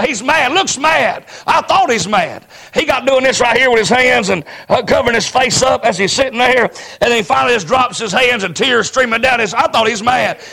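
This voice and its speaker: A preacher with a very high, gravelly voice and a bright, forceful edge. He tells his story in a sermon, swinging between low asides and shouted climaxes.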